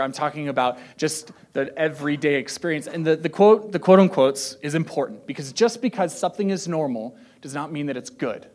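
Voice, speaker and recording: A man preaching a sermon in a relaxed, conversational way, cracking jokes and acting out quoted voices. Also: medium pitch. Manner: joking, self-deprecating asides. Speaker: pastor.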